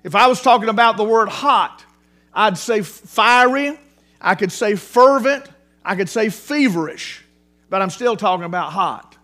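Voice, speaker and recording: High-voiced animated male preacher. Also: measured pace. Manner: animated, repeats words for emphasis, restarts often. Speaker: pastor. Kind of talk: sermon. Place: church sanctuary.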